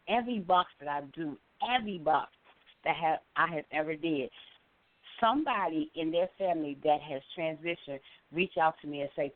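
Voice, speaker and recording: A middle-aged woman calling in to a show, telling a story with lively acted-out quotes. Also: sits low. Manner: animated storyteller, acts out quoted voices. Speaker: caller. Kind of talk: call-in storytelling. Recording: phone line.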